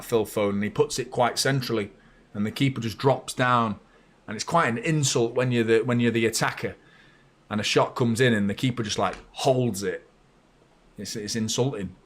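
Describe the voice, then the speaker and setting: Brief: male football fan host, chatty, blunt, mid-pitched voice, erupts loudly at goals. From north of England. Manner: chatty and blunt, bursting into excited shouts at goals. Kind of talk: live match watchalong commentary.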